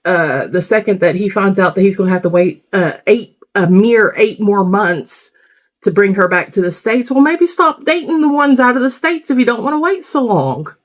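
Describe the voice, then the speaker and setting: Woman doing casual reaction commentary, blunt, swears a lot, rambles. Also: mid-range voice. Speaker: reality TV commentator.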